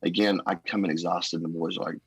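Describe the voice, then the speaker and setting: Husky low-voiced pastor telling stories. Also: male voice, quick pace, dry recording, low-quality recording. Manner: animated storyteller, acts out quotes. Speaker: guest. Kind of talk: casual storytelling conversation.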